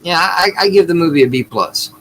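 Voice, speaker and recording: Bright-voiced sarcastic man co-hosting. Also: on the high side, expressive, a little fast, a little hiss or hum, poor audio. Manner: joking, sarcastic, swears freely. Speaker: podcast co-host. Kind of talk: casual movie review chat.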